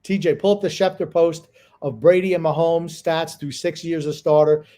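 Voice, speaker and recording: A man with a slightly higher-than-usual voice talks sports on a casual podcast. He is blunt and opinionated, swears freely and argues his points hard. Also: fairly even intonation, normal speed, dark tone. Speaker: podcast co-host.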